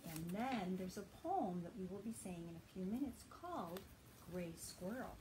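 Gentle woman explaining a kids' craft. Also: mid-range voice, lively intonation, moderate pace, noisy background. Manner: gentle, simple show-and-tell explaining. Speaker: library children's program staff. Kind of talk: explaining a craft project to young children.

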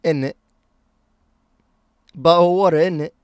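A man's voice: a little slow, clear, resonant tone, no echo, close to an everyday voice. A man putting on a cheeky mock-British bloke. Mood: playful. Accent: put-on British. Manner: exaggerated, playful, higher and louder. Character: jokey mock-British young man, slangy.

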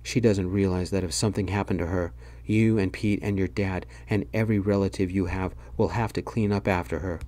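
A man voicing a calm young man who reasons patiently, in a soft-spoken whispered role-play. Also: low voice, brisk, lightly acted.

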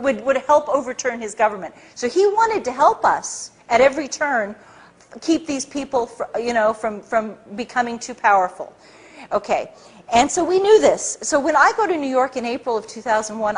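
A woman speaking at a public talk, telling an animated story with many restarts and acted-out quotes. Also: a little high, normal speed, slightly rough.

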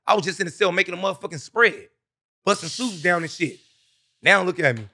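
Rowdy high-voiced man telling a crude story. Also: fairly quick, bright, forceful tone, husky. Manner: boisterous, profane, laughing as he tells a story. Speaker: guest. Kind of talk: crude storytelling in casual chat.

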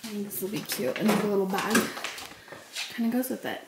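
A woman's voice: medium pitch, steady tone, a little fast, heavy background noise. A young woman chatting casually to camera as a lifestyle vlogger, bubbly and chatty with lots of fillers. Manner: bubbly, chatty, full of "like" and "so cute".

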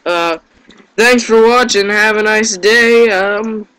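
A man's voice: high voice, fairly even intonation, takes it slowly, pushed and bright, clear, resonant tone, rough recording. A man giving gameplay commentary, yelping in panic and groaning at his own mistakes. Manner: panicky yelps and self-deprecating groans. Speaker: let's play gamer.

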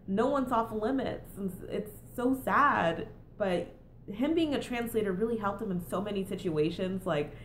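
A woman's voice: fairly low pitch, roomy sound, a little hiss or hum. A young woman giving a casual book review with a sing-songy tone, chatty and full of fillers. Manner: chatty with many fillers and "and stuff".

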